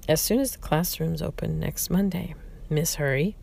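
A reader voicing a kindly, courteous old male curator in a spoken memoir, soft and unhurried. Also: medium pitch, vocal fry, husky.

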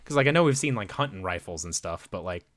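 Podcast co-host, man, lowish voice, dry close mic, chatty recap with lots of "like". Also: expressive, fairly bright tone, no echo. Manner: rambling, filler-heavy retelling with quick voiced quotes. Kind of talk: casual movie recap chat.

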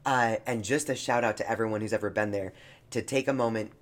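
A man's voice: on the low side, fairly even intonation, fast. Earnest man co-hosting a podcast. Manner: earnest, heartfelt. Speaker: podcast co-host. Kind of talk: casual chat.

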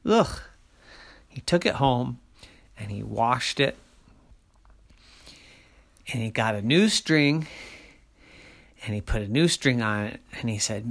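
A storyteller telling a children's story in a slow, sing-song way, dropping to soft asides. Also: medium pitch, expressive, gravelly.

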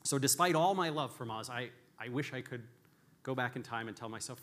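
A man tells stories from the stage in a candid, self-deprecating keynote talk. His voice is bright and forward, and his pitch sits in a middle range. He often restarts his sentences as he thinks aloud. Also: brisk, slight background noise. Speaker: conference speaker.

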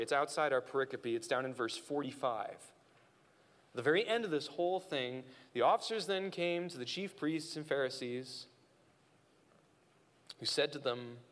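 A male pastor preaching a sermon and acting out quoted voices in an animated way. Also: a little high, moderate pace, long reverb tail.

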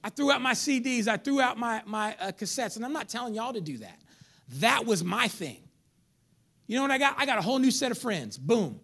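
Fiery, high-pitched preacher with a gravelly edge. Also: male voice, brisk. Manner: animated preaching, rising to loud calls then dropping to near whispers; casual street slang. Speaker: pastor. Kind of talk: sermon.

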